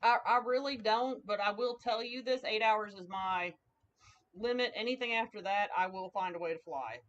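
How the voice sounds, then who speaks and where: A woman's voice: mid-range voice, moderate pace, fairly bright tone. A woman with a twangy Southern US accent, chatting casually with viewers while making a craft on a livestream. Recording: slightly dull lo-fi livestream audio.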